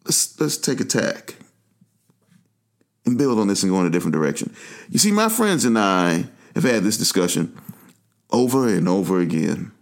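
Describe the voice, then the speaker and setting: A man's voice: low-pitched, big pitch swings, normal speed, creaky, pauses often. A man from Atlanta, hosting a talk show and delivering a passionate, emphatic commentary monologue. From Atlanta, USA. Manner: passionate, emphatic, preachy asides. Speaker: podcast host.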